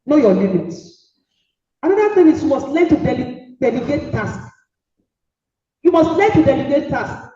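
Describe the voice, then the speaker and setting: A middle-aged woman with a Nigerian accent giving an emphatic, preachy motivational speech, repeating maxims and sometimes shouting. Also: high-pitched, very animated, moderate pace, pauses often. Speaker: guest speaker. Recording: echoey hall, distant dull mic.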